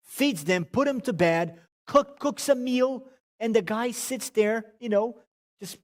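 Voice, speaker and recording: High-voiced man teaching in a hall. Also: a little slow. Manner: animated, humorous, repeats words while restarting. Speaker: marriage seminar speaker. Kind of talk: conversational teaching talk.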